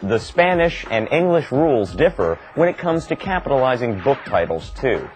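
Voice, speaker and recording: Male narrator, animated pitch, explanatory lesson read, faint noise behind. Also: moderate pace, low-quality recording. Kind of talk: scripted instructional narration.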